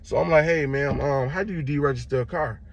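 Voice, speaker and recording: This young adult from Chicago talks fast in a higher-than-average voice with vocal fry, and the recording's highs are cut off. Vlogging casually, he retells a story and voices the people in it.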